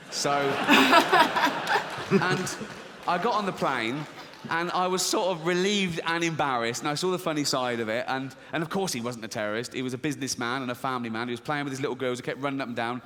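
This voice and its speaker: A man's voice: medium pitch, fairly quick, fairly bright tone. A middle-aged man from England telling a stand-up story, acting out voices in his head and laughing at his own jokes. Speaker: stand-up comedian. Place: large stand-up venue. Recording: reverberant stage recording.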